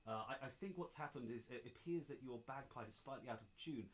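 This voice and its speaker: A man playing an overly polite gentleman adventurer who keeps apologizing, with halting, courteous speech. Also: medium pitch, a little hiss or hum, pitched above the performer's own voice, close to an everyday voice, rough recording. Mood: apologetic.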